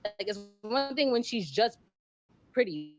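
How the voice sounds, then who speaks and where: A woman's voice: a little high, lively intonation, measured pace, soft background music. A woman guest in a casual group chat, confident and playful. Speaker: podcast guest.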